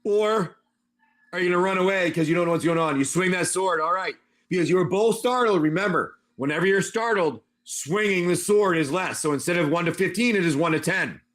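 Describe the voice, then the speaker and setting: Male host and game master, high voice, lively excitable narration. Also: fairly quick. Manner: animated, excitable storytelling. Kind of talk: casual chat and tabletop game narration.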